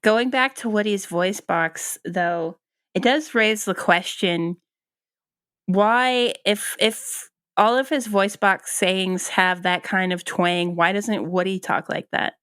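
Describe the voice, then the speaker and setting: A woman's voice: medium pitch, takes it slowly, fairly bright tone, smooth, dry recording, clean studio sound. A woman co-hosting a podcast in casual chat, hesitant with many ums and restarts. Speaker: podcast co-host.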